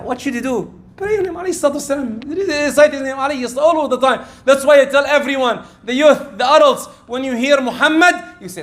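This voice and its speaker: Man giving a sermon, high pitched, earnest and pleading. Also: fairly bright tone. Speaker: Islamic preacher.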